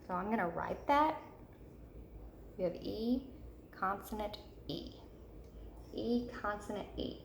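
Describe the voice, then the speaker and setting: Lady teacher recording a video lesson, slow and repetitive, bit of fry, echoey room. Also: mid-range voice, slight background noise. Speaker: third grade teacher.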